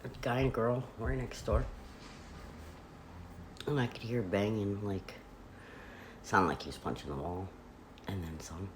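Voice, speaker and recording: A woman vlogger chatting casually from a hotel room, retelling events in an animated way with lots of "like.". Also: very deep voice, a little slow, long pauses, slight background noise. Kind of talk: casual storytelling.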